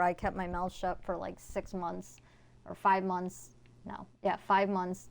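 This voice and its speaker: A woman game streamer chatting casually with her viewers while she plays, blunt and swearing freely. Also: fairly low pitch. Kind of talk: casual live-stream chat.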